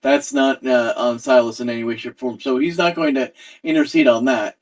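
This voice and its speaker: A man playing a tabletop game, measured and formal when in character. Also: mid-range voice, steady tone, recorded from a distance. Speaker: player.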